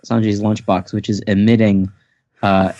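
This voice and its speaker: A man with a lowish voice talks through a comic chapter, joking and laughing as he goes, with frequent restarts. The recording is dry and a bit muffled, like a home podcast setup. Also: little pitch movement, unhurried, darkish tone, no echo. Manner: playful, laughing, rambling with restarts. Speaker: podcast host. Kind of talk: casual chat recapping a manga chapter. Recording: dry, dull lo-fi podcast audio.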